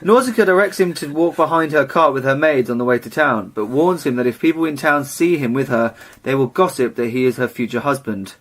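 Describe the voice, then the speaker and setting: A man's voice: medium pitch, a little fast, hardly any pauses. Male co-host, mid-range voice, dry and wry, casual summary reading. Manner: dry, teasing asides. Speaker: podcast co-host.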